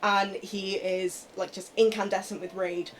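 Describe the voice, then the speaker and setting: A woman's voice: medium pitch, level tone, a little slow, a little hiss or hum. Casual woman player describing actions. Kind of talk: tabletop role-play.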